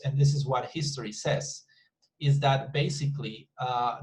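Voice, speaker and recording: The audio is poor as a man with a highish, darkish voice teaches an English class online. He talks in a chatty, repetitive way, regularly checking on his students with questions.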